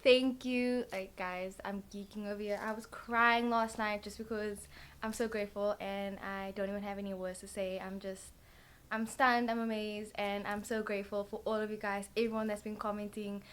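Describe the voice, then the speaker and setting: A woman's voice: mid-range voice, flat delivery, normal speed, a bit bright, clean tone. Young woman rambling through a tarot reading. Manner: rambling, full of "like" and "literally" fillers. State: tired. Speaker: tarot card reader. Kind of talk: casual chatty tarot reading.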